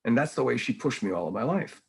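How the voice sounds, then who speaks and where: Gravelly older man telling rambling stories. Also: medium pitch, fast talker. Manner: rambling, animated storytelling with many restarts. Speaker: painter and guest. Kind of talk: casual conversation.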